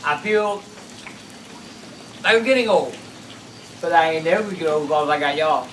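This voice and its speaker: Storyteller in his sixties, folksy, relaxed, high-pitched voice, faint rain in the background, roomy sound. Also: normal speed, slight background noise. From South Carolina. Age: 60s. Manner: folksy, drawling, plain-spoken. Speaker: storyteller host. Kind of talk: casual storytelling. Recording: echoey room, mic at a distance, faint rain.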